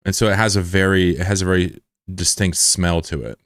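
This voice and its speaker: A man hosts a live stream in casual chat, teasing viewers with crude, joking banter. His voice sits low, and the sound is close and dry with no room echo. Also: fairly even intonation, fairly quick, fairly bright tone.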